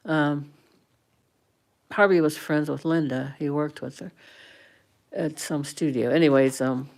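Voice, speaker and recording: Gravelly-voiced older woman chatting on a livestream. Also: low-pitched, fairly even intonation, unhurried, darkish tone. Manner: rambling, chatty, with many fillers and restarts. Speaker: livestream host. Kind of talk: casual livestream chat.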